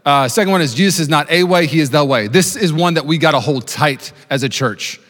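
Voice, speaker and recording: A male pastor in his thirties preaches at speed, breaking into quick jokes and asides at his own expense. His voice sits a little high, and the sound trails off in the long reverb of a big hall. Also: fairly bright tone. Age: 30s. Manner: fast-talking, jokey, self-deprecating asides. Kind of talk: sermon. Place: church auditorium with live congregation.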